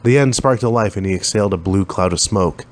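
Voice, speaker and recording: A narrator with a fairly low voice reads a science fiction story aloud at a fairly quick pace. His telling is plain and steady, rising only slightly when characters speak.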